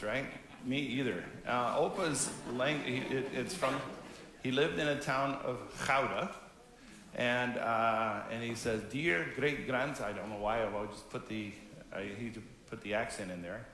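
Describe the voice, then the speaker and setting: A man in his fifties, a pastor from Canada, giving a gentle, conversational children's message during a church service. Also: mid-range voice, unhurried, reverberant. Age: 50s. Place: church sanctuary.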